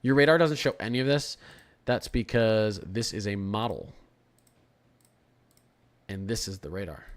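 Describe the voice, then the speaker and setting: A man's voice: fairly low pitch, unhurried, long pauses. Chatty man streaming live weather. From Florida. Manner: chatty, restarts and repeats words, reads chat aloud. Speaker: weather livestream host. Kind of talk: casual live weather commentary.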